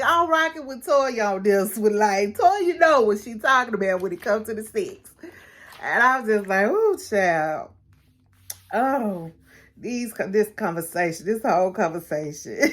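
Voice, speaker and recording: Animated, gossipy woman recapping TV. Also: medium pitch. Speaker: recap vlogger. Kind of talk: casual TV recap.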